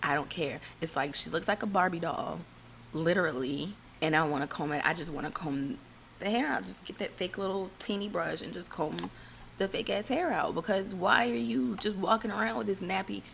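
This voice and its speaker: A woman's voice: on the low side, normal speed, gravelly, a bit bright, slight background noise. A woman giving casual, blunt and profane reality TV recap commentary, rambling with fillers and restarts.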